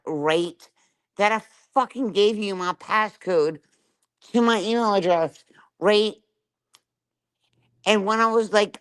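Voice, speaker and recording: Middle-aged woman streamer, clear voice, furious and foul-mouthed, hammers every point with "right?". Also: mid-range voice. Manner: profane, confrontational, keeps asking "right?". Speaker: livestreamer. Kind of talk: angry live-stream rant.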